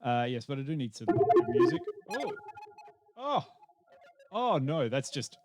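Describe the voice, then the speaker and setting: A man's voice: on the high side, wildly swooping pitch, unhurried, over loud music. A man hosting a casual podcast chat, joking and laughing often, rambling with fillers. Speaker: podcast host.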